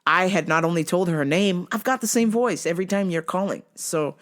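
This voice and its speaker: A woman's voice: fairly low pitch, brisk. A woman host telling work stories casually, profane and often laughing. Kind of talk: casual comedic storytelling.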